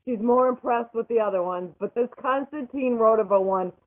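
A woman chatting casually in an emphatic, excitable way. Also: on the high side, moderate pace. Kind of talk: casual chat. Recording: tinny phone line.

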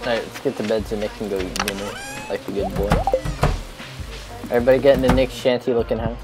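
A man with a voice on the low side talks fast and steadily over loud music while streaming a game live. He chats and jokes crudely with friends on voice chat in casual gaming banter.

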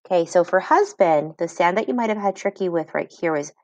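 A woman reading teacher giving a phonics lesson to children, sounding words out slowly syllable by syllable and praising each try. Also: fairly low pitch, expressive, a little mellow, dry recording, dull audio.

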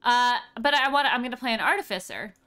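A woman hosting a gameplay stream, chatting in an excitable, animated way. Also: fairly high pitch. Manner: excitable, animated, quick reactions. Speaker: streamer host. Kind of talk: casual gameplay chat.

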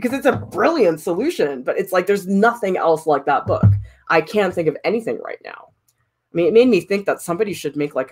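Chatty, animated woman art teacher. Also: on the low side. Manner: chatty, animated, laughs often. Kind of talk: casual chat while sculpting.

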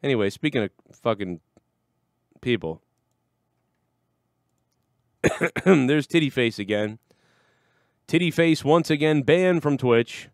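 A man's voice: medium pitch, expressive, takes it slowly, long pauses, no room sound, clean studio sound. A man hosting a livestream show, talking casually and crudely, rambling and swearing often. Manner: rambling, crude, swears a lot, acts out voices.

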